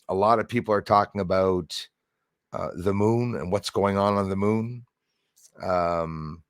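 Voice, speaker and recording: Greeting his viewers by name, this live-stream host rambles along with plenty of fillers, restarts and jokey asides. He has a lowish voice, captured in clean studio sound without echo.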